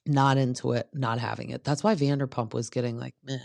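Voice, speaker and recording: A woman's voice: extremely low pitch, steady tone, a little fast, gravelly, darkish tone, no room sound. Woman, podcast host, casual chatty recap, filler-heavy, dry room. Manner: chatty, peppered with "like".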